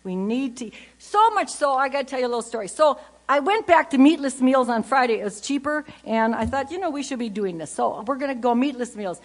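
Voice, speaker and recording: An older woman speaks to a conference audience in a humorous, storytelling way. Her voice sits on the higher side, and she talks in a chatty manner, acting out family anecdotes as she goes. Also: expressive, brisk.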